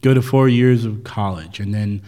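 A man's voice: on the low side, moderate pace, warm tone. A man co-hosting a casual talk show, making wry joking asides. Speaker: podcast co-host. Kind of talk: casual conversational chat. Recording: long hall reverb.

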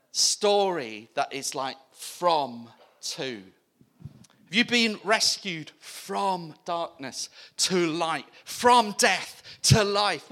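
A British man delivering a sermon with a high, bright, ringing voice. He preaches at an unhurried pace, ranging between hushed whispers and impassioned near-shouts.

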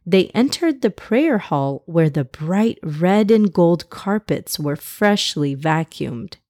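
A woman reading a children's story aloud in a gentle, even storytelling manner. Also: fairly low pitch, slow, dry recording, clean studio sound.

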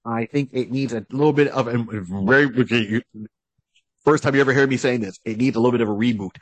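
A man's voice: mid-range voice, steady tone, fast, dry recording. Man eagerly explaining on a podcast. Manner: explains eagerly and acts out quotes. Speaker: podcast co-host. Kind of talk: casual chat. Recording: dry close-mic podcast audio.

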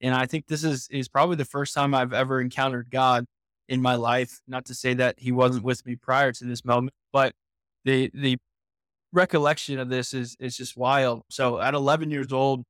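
Young man, from Indiana, podcast guest, earnest and reflective, even flat delivery, dry close sound. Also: mid-range voice, moderate pace, no echo. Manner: earnest, reflective, frequent "like" and restarts. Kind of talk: personal storytelling in a podcast interview.

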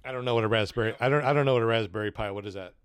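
A man's voice: mid-range voice, very fast, clean tone. A man hosting a casual interview, asking plain, enthusiastic questions. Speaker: host, interviewer.

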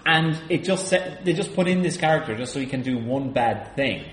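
A man's voice: mid-range voice, animated, fairly quick, roomy sound. A man hosting a film podcast, talking with dry, sardonic remarks. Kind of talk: casual film chat.

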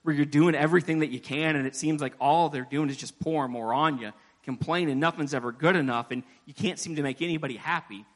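A man preaches in a church with a slightly high voice, and long reverb trails each phrase around the big hall. He talks to the congregation in a casual way, jokes about himself, and acts out the prayers he quotes. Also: fast talker, hardly any pauses. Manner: conversational preaching with self-deprecating asides, acting out quoted prayers. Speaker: pastor. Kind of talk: sermon.

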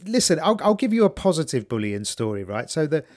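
A man's voice: a little high, big pitch swings, a little fast. A man from the UK co-hosting a casual podcast chat, rambling through a story with wry asides. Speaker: podcast co-host.

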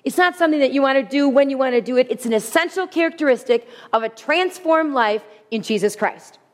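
A woman preaching a sermon with humor, animated, often repeating her key phrases. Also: high voice, a little fast. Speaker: women's speaker. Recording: long hall reverb.

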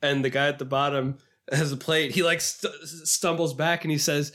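Animated podcast host, slightly high. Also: male voice, normal speed, few pauses. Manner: animated, quotes clips in a higher put-on voice. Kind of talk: casual chat.

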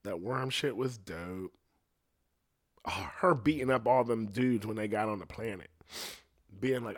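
A young man, a singer, in a rambling casual monologue, swearing freely and jumping between excitement and low asides. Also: measured pace, pauses often. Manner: profane, excitable, rambling with restarts. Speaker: singer ranting to camera.

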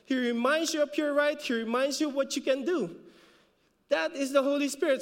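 High-voiced Filipino pastor in a reverberant hall. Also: male voice, steady tone, moderate pace. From Philippines. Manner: repeats words for emphasis, rises in pitch when exhorting. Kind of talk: sermon.

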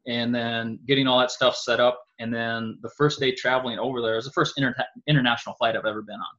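A man's voice: medium pitch, fairly even intonation, fast talker, a bit bright. A man from North Dakota, a javelin thrower, telling long stories in a casual interview with lots of fillers. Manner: rambling storytelling with many fillers. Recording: dull lo-fi audio.

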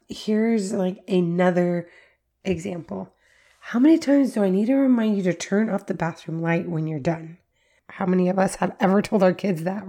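A middle-aged woman with a mid-range, dark-toned voice hosts a podcast, giving instructional parenting talk in a conversational style sprinkled with frequent "like" fillers.

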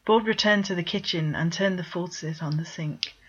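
A woman reading fan fiction aloud with plain, steady narration. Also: fairly low pitch, moderate pace, slightly rough, muffled recording. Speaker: story reader.

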